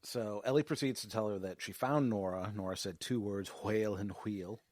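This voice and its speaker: A man's voice: lowish voice, steady tone, moderate pace, a little mellow, no room sound, clean studio sound. A man co-hosting a podcast, recapping an episode in casual chat with wry, teasing remarks. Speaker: podcast co-host.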